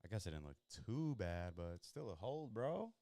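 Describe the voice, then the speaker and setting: A man hosting a live watch stream, chatting casually and reacting in excited bursts to a football game. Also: lowish voice, normal speed, no room sound. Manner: excitable, chatty, jumps between worry and hype.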